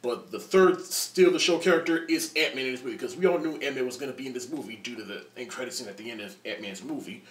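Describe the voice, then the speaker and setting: A man in his twenties giving a casual spoiler movie review, excited and rambling, with lots of restarts and laughter. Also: mid-range voice, quick pace, few pauses, slight background noise. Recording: roomy echo, distant from the mic.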